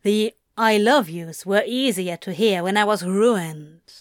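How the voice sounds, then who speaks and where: A woman voicing a lazy, bratty male demon in a storybook reading, with a relaxed drawl. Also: medium pitch, unhurried, no room sound, studio quality, close to an everyday voice. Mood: lazy, teasing.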